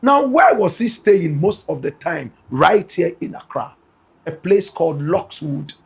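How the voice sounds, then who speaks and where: A man's voice: on the high side, expressive, measured pace, vocal fry, slightly rough. A man with a Ghanaian accent giving dramatic gossip news commentary, emphatic and speaking straight to his listeners. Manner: emphatic, repeatedly addresses listeners as "my brother, my sister".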